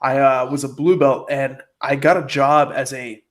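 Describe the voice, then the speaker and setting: A man's voice: mid-range voice, little pitch movement, normal speed. A man hosting a casual interview, talking loosely with lots of swearing and filler words. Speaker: jiu-jitsu gym owner and host. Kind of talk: casual podcast chat.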